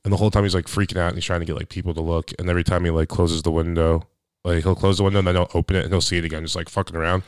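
Young guy, deep voice, fast rambling storyteller, casual and profane, dry close sound. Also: little pitch movement, clear, resonant tone, no echo. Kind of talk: casual podcast chat.

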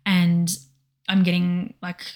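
A woman's voice: fairly low pitch, monotone, slow pace, a little mellow. A woman co-hosting a podcast in casual personal chat, rambling and emotional, often quoting herself. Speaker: podcast co-host.

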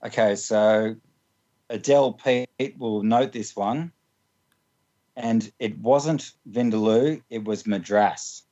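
A man's voice: fairly low pitch, slow, warm tone, muffled recording. A man telling funny personal stories in a loose, rambling way, laughing often and filling with "like". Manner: rambling, laughs often, many fillers and restarts. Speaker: interview guest. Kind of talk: casual storytelling.

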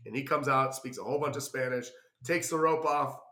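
A man's voice: medium pitch, a little fast. A man telling a long travel mishap in a casual, rambling way, acting out what people said. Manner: rambling, animated anecdote with acted-out quotes. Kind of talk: casual storytelling. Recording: roomy echo.

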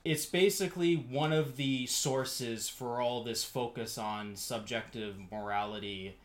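A man co-hosting a casual podcast, explaining ideas in a measured way and often pausing on fillers while he searches for words. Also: mid-range voice. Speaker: podcast co-host.

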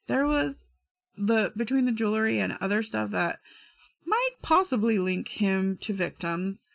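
A woman's voice: fairly high pitch, gravelly, no room sound. A woman from Utah casually telling a true crime story with chatty asides and slang.

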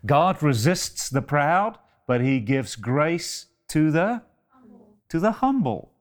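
A man preaching a sermon with a slow, dramatic delivery, full of rhetorical questions and addressing his listeners as beloved. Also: on the high side, big pitch swings.

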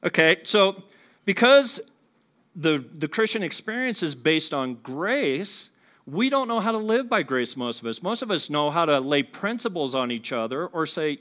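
A man with a higher-than-usual voice delivers a sermon to a live congregation. He keeps it conversational and joking, often asking the room questions. He slips into quoted voices to act out how people talk to each other. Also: very animated, normal speed, pushed and bright. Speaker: pastor. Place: church before a congregation.

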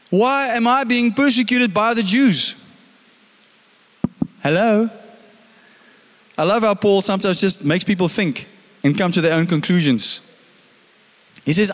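Male pastor, high voice, casual questioning sermon, echoing church hall. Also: a bit bright. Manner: conversational preaching, asks the congregation questions.

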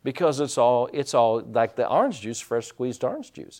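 A man preaching a sermon as pastor, folksy, telling stories and swinging his loudness up and down, from the United States. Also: medium pitch, big pitch swings, moderate pace. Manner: folksy storytelling preacher, rising and dropping loudness.

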